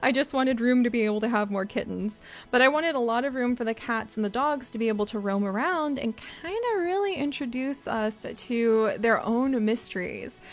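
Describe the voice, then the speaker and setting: A young woman live-streaming a life-sim game, bubbly and excitable, gushing thanks to her chat. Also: fairly high pitch, normal speed.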